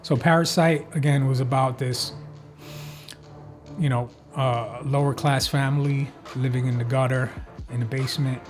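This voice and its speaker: A man's voice: medium pitch, fairly even intonation, normal speed, music in the background. A man hosting a podcast, recapping a film in a loose, joking way, swearing freely and filling gaps with ums. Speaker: podcast host reviewing a film. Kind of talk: casual rambling recap.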